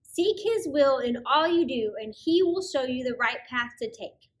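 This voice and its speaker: A woman's voice: high-pitched, expressive, measured pace. A woman hosting an online kids' church lesson in an upbeat, encouraging way. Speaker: children's ministry host.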